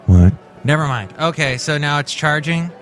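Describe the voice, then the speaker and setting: A man's voice: a little high, normal speed. A man hosting a comedy podcast, talking playfully through a monologue and skits, with faint music behind. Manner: playful, animated. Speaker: podcast host.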